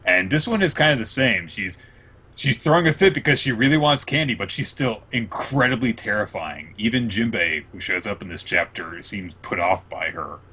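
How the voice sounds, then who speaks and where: Animated, bright-voiced man recapping manga. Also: fairly low pitch, normal speed, breathy edge. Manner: animated, retelling scenes with lots of fillers. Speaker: podcast host. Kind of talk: casual manga recap chat.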